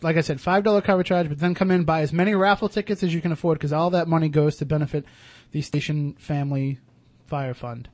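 Fast-talking New radio host. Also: male voice, on the high side, steady tone, darkish tone. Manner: rambling, many fillers and restarts. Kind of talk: casual radio talk show chat.

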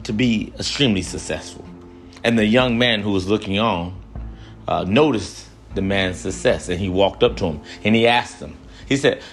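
Deep voiced guy doing a motivational talk, earnest, keeps repeating himself for emphasis. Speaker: motivational speaker. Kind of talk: motivational speech.

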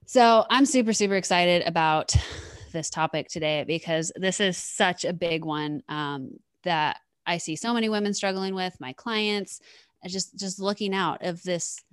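A woman's voice: lowish voice, normal speed, clear, resonant tone, no room sound, studio quality. A woman hosting a podcast, talking about her own experience in a casual, earnest way, with lots of repeated words. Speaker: podcast host.

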